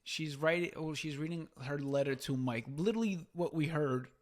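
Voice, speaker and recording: A man's voice: a little high, normal speed. A man co-hosting a podcast, recapping a show in a rambling, casual way with lots of fillers. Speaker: podcast co-host. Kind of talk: casual review chat.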